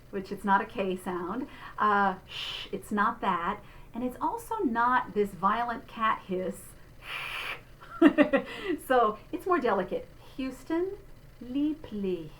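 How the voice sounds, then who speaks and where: A middle-aged woman, a vocal instructor giving a clear, patient pronunciation lesson with spoken demonstrations. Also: mid-range voice, a bit bright, a little hiss or hum, low-quality recording. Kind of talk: diction lesson.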